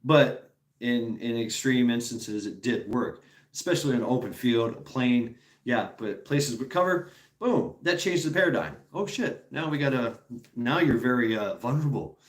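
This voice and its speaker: A man's voice: mid-range voice, expressive, moderate pace, reverberant. A man hosting a stream, talking casually with viewers in a rambling, profane way and laughing often. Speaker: streamer host.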